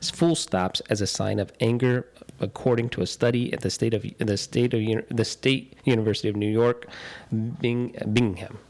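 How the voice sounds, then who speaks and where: A man's voice: medium pitch, steady tone, normal speed, darkish tone. A man co-hosting a podcast in casual chat, reading news items aloud in a jokey way and stumbling over words. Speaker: podcast co-host.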